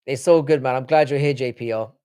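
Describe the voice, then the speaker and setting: A man's voice: medium pitch, a little fast, mellow, clear, resonant tone. A man in his thirties hosts a casual live stream, worn out and chatty. He swears freely and rambles, often restarting his sentences. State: tired. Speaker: livestream host.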